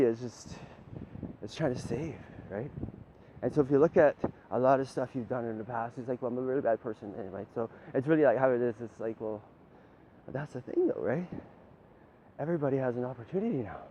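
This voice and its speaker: A man's voice: medium pitch, warm tone, a little hiss or hum. A man giving a rambling, preachy monologue as a self-styled spiritual leader. He swears freely and keeps asking "right?". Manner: profane, repeats "right?" often.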